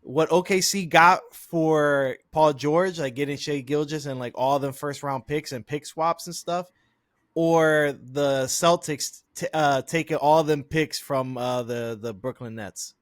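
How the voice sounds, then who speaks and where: Man, podcast host, casual sports chat, gropes for words, slightly high voice, dry sound. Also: unhurried, dry recording. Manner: searches for words while arguing his opinion.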